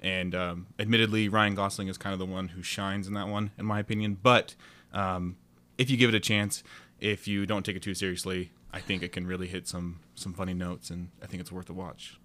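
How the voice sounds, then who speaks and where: A man's voice: deep voice, level tone, a little fast, pushed and bright. A man appearing as a guest on a film podcast, talking in a hesitant, rambling way with lots of ums. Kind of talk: casual podcast chat.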